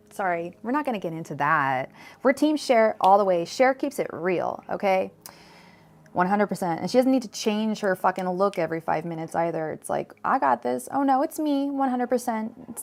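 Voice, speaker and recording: A woman reading tarot cards on a live stream, chatty and digressive, full of fillers and restarts. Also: mid-range voice. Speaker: tarot reader.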